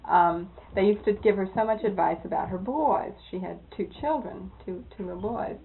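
A woman's voice: medium pitch, normal speed, slight background noise. Woman spinning old stories on tinny tape. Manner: lively anecdotal telling, breaks into laughter. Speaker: interviewee. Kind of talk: oral history storytelling.

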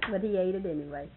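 An older woman with a husky voice, reminiscing casually about family and laughing often as she tells stories. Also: lowish voice, narrow, tinny audio, noisy background. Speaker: storyteller in family history interview.

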